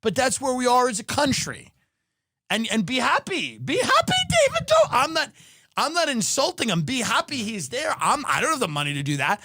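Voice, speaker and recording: A man ranting as a comedian and podcast host, loud and mocking, with exaggerated outrage. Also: very high voice, sing-song, a little fast, no room sound, clean studio sound. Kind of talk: comedic rant.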